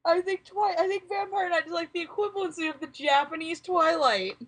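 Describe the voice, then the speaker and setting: A young woman co-hosting a casual podcast, excitable and blunt, swearing freely. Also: extremely high pitch, a little fast. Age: young adult. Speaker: podcast co-host. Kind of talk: casual chat.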